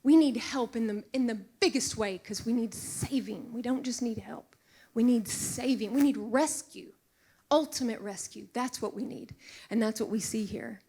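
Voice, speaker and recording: A middle-aged woman preaching a sermon in an earnest, emotional way, sometimes dropping to a hushed whisper for emphasis. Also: a little high, normal speed, husky.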